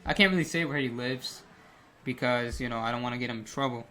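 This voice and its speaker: Bright-voiced young man telling a story. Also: medium pitch, fast talker. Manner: rambling, animated, lots of fillers. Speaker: gaming creator. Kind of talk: casual storytelling over gameplay.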